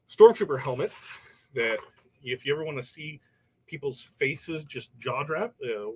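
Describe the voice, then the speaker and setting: A man's voice: mid-range voice, fairly bright tone, slight background noise, low-quality recording. A man hosting a casual livestream from his workshop, rambling through viewer comments and stories with frequent laughs. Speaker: livestream host. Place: workshop while pressing shirts.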